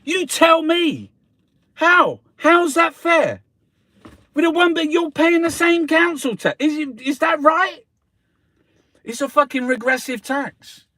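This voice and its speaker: High-voiced, sweary man ranting. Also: sharp tone, no room sound. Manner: angry, sweary, heated rant. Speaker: host reviewing newspapers. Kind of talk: ranting commentary.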